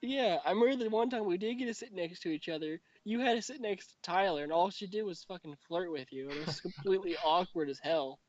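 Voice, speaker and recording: A man's voice: high-pitched, fast talker, few pauses. A young man hosting a casual podcast chat, telling stories with lots of swearing and acting out the other people in them. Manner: profane, animated storyteller who acts out others. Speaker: podcast host. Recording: dry, dull lo-fi recording.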